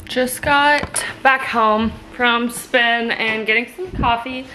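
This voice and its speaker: A woman's voice: on the high side, fairly even intonation, slow pace, over music. Bubbly young woman vlogging. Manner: bubbly and gushing, full of "like" and "um". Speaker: lifestyle vlogger. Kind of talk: casual vlog chat. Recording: noisy vlog recording.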